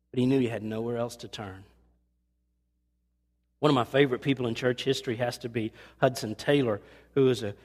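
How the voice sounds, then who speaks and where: A man preaching a conversational sermon to his church, earnest and animated, acting out the voices of people he quotes. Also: husky, long reverb tail. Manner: earnest, conversational, acts out quotes with rising pitch. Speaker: pastor. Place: church sanctuary.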